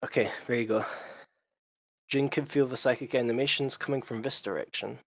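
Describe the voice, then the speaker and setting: A game master narrating a tabletop session in an even, middle-pitched voice with frequent fillers. The sound is dry and close to the mic. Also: a little fast, no echo.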